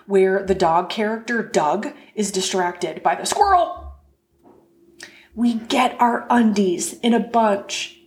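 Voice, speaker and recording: A woman who is a life coach hosting her own podcast, talking from her office in a gentle, reflective way and repeating key phrases for emphasis. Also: medium pitch. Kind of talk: solo podcast monologue. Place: home office.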